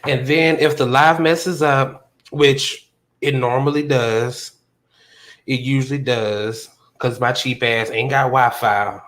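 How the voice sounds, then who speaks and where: A man chatting casually on his own live show, easygoing and talkative. He tells a story from his workday with an animated delivery and shoots up high whenever he acts out his own reactions. His voice sits in an ordinary middle pitch. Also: slow pace. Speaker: podcast host. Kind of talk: casual livestream chat. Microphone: phone on a hotspot.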